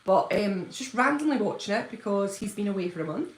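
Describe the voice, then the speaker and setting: A woman chatting on a home live stream, bubbly and quick to gush and laugh. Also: mid-range voice, lively intonation. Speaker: livestreaming fan-channel host. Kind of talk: casual live-stream chat. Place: at home, indoors. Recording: echoey room.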